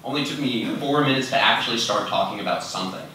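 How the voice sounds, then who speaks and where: A man's voice: mid-range voice, fast talker, sharp tone, distant mic. A young man giving a casual conference talk, chatty and self-deprecating, with lots of fillers, moving around away from a fixed microphone. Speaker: conference speaker. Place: large conference room. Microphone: fixed microphone, speaker moving around. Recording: roomy, from off-mic at times.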